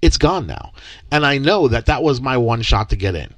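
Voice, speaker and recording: A man's voice: mid-range voice, moderate pace, no echo. A young man and podcast co-host, telling a story in casual chat and acting out the quoted dialogue with lots of energy. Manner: animated, acts out quoted dialogue.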